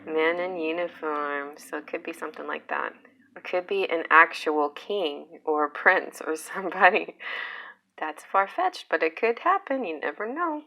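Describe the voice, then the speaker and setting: A woman's voice: lowish voice, lively intonation, moderate pace, gravelly, sharp tone. A woman doing a casual pick-a-card tarot reading, chatty and playful, laughing often. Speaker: tarot reader.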